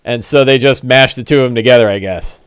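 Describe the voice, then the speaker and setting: A man's voice: mid-range voice, fast talker, clear, resonant tone, no echo, clean studio sound, pitched below the performer's own voice, lightly acted. A man voicing a big, bluff human companion who is easily confused. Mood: blustery. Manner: blustery, baffled exclamations.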